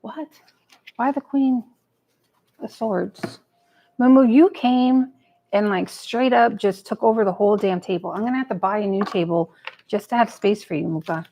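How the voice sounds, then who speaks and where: During a live tarot reading at her home table, with a cat nearby, a woman chats casually, muttering to herself and cursing freely as she pulls cards. Her medium-pitched voice has a dark tone and a moderate pace. The recording is rough.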